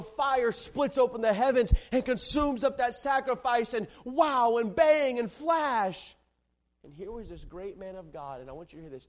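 A man's voice: on the high side, a little mellow. A man preaching a sermon with rising fervor and repeated phrases. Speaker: pastor.

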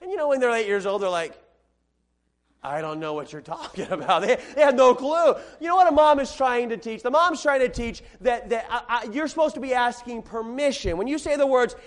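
A man's voice: very high voice, brisk, few pauses. A man preaching an evening sermon to a congregation in a room. He talks conversationally and with energy, asks the listeners questions and repeats his main points. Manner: conversational and animated, asking the audience questions and repeating key points. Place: room with a gathered audience.

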